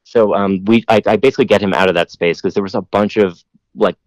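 Rambling low-voiced man telling a story. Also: fairly even intonation, fast, no room sound. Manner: rambling, heavy use of "like", casual swearing. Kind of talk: casual storytelling chat.

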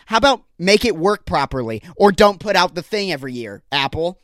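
A young man hosts his own comedy podcast, talking alone into a studio microphone. He rambles from story to story with an exasperated, self-deprecating edge, and his voice sits a little high. The recording is dry and close, with no room sound. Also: sing-song, fairly quick, fairly bright tone, no room sound. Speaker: podcast host. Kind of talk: solo comedic podcast rant.

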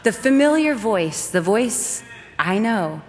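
A woman in her thirties giving a faith testimony talk, telling a story in a lively, humorous way. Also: medium pitch, slow pace, a little hiss or hum. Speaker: speaker. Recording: long hall reverb.

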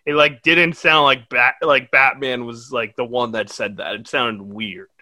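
A man co-hosting a casual film review podcast, animated and rambling, swearing often. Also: mid-range voice, measured pace, no room sound. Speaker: podcast co-host.

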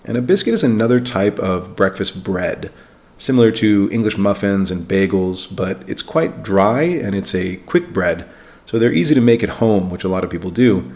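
A man hosts an English-learning podcast and reads a scripted vocabulary lesson with a fairly low voice. He talks clearly and slows down to spell each word letter by letter for learners. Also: expressive, a little mellow. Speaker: podcast host, English teacher.

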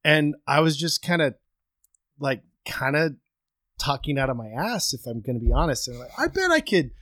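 A man's voice: mid-range voice, moderate pace, a bit bright. A man co-hosting a podcast in casual chat, rambling and self-deprecating with lots of fillers, on a home microphone over a remote call. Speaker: podcast co-host.

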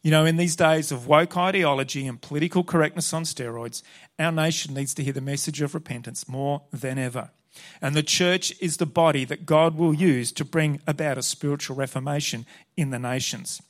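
Male pastor, slightly raised pitch, emphatic sermon delivery with Scripture readings. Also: fairly quick.

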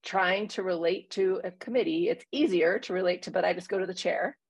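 A woman in casual conversation as a church minister, talking reflectively with many pauses and fillers. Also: fairly low pitch, dry recording, poor audio. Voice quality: husky, gravelly.

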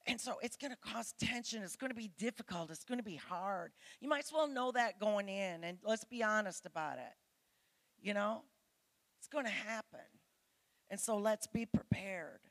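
A middle-aged woman gives a conversational sermon to her church, speaking as a pastor's wife. Her voice sits in a middle pitch, and her manner is chatty and candid as she shares family stories with the congregation. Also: expressive, moderate pace.

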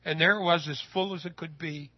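High-pitched guy preaching a story, folksy and lively, kinda dull lo-fi sound. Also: fairly quick. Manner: folksy, animated, voice rises when excited. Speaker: preacher telling a personal story. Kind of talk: sermon storytelling.

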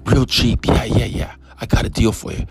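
A man voicing a shady male street peddler who talks in a hushed, hustling way. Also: normal speed, close to an everyday voice.

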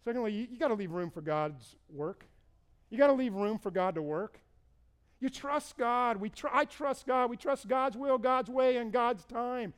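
A man's voice: very high-pitched, animated, moderate pace, clean tone. A middle-aged male pastor preaching a sermon in a conversational, storytelling way, repeating words for stress.

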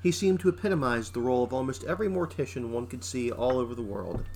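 A man's voice: mid-range voice, expressive, quick pace, darkish tone. Male narrator on a noisy recording. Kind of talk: scripted story narration.

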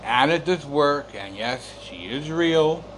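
Exasperated man venting, high lively voice. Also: slow, slight background noise. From United States. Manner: exasperated, rambling, swears, repeats words. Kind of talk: casual storytelling rant.

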